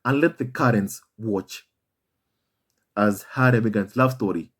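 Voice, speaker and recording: With a low voice and a breathy edge, a commentary host speaks at a measured pace. His monologue is impassioned and emphatic, full of repetition, and he treats his audience as family.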